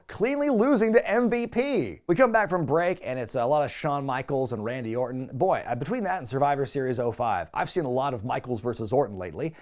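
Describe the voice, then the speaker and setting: A man hosting a wrestling recap show, talking casually in a fairly high voice. He is sarcastic and animated, and his pitch swings widely as he acts out quotes in mock voices. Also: a little fast, hardly any pauses. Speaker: podcast host recapping wrestling.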